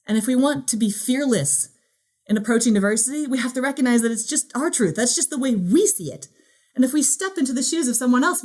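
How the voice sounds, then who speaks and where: A woman delivers a motivational keynote, her voice a touch high and swinging widely in pitch. She talks in a playful, animated way and acts out her own inner voice. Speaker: keynote speaker.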